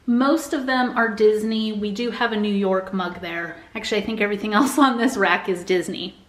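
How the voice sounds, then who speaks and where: A woman's voice: mid-range voice, normal speed. A woman from the United States, a family vlogger, casually chatting to the camera as she shows things around her. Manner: chatty and friendly, showing things as she talks. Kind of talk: casual vlog chat to camera.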